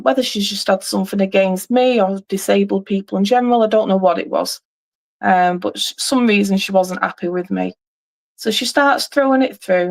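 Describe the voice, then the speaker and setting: Woman, middle-aged, livestream chat, rambling, restarts a lot, average pitch. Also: gravelly. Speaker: livestream host.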